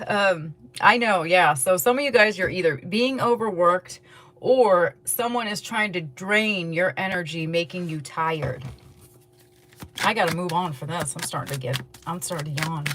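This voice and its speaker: A woman's voice: fairly low pitch, moderate pace, fairly bright tone, slight background noise. Chatty woman giving a tarot reading. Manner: chatty, rambling, yawning often. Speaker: tarot reader. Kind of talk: casual tarot reading to camera.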